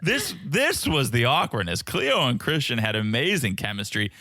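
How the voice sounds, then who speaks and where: A man's voice: medium pitch, moderate pace, no echo, studio quality. A man co-hosting a podcast, retelling reality-TV scenes in a casual, playful way. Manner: animated, playful storytelling. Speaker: podcast co-host. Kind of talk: casual reality-TV recap chat.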